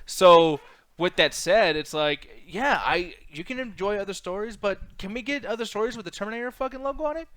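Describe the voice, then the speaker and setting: A man's voice: fairly high pitch, fairly bright tone, clear, resonant tone, no room sound. A man hosting a casual podcast chat, rambling and swearing freely. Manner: rambling, profane, fast-talking. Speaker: podcast host.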